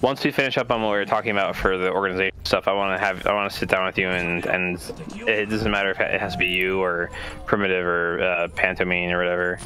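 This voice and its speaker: Bright-voiced rambling gamer man. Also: low-pitched, level tone, fast talker. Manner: rambling, repeats words, swears casually. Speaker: gaming group organizer. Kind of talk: casual stream chat.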